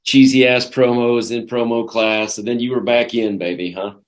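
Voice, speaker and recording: A man's voice: medium pitch, steady tone, moderate pace. A man hosting a casual interview, prodding his guests for stories and laughing often. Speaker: podcast host.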